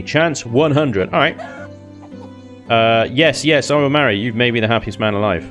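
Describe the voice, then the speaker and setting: A man's voice: mid-range voice, normal speed, a bit bright, faint music behind. A man giving casual, joking commentary while playing a video game, laughing often. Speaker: gaming YouTuber.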